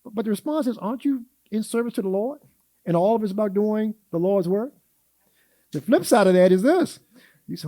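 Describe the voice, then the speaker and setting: High-voiced man teaching Sunday school. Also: fairly quick, dark tone, no room sound. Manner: folksy, asks the class questions and acts out quotes. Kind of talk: church Sunday school lesson.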